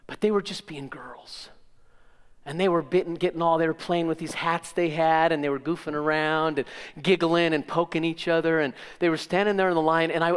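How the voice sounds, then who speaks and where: A man's voice: a little high, clean tone. An older man preaching a sermon, emphatic and speaking directly to the congregation. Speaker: pastor. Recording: long hall reverb.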